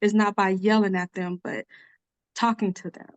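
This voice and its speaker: A soft-spoken, even-tempered woman speaking as a guest on a podcast, chatting casually and laughing now and then. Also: mid-range voice, moderate pace, no room sound, highs cut off. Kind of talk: casual conversational interview.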